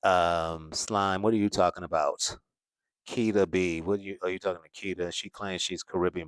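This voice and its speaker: A man hosting a commentary livestream, reading viewer comments and musing in a relaxed, casual way with frequent laughs. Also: low voice, moderate pace, no room sound, studio quality. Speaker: commentary channel host. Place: home in California.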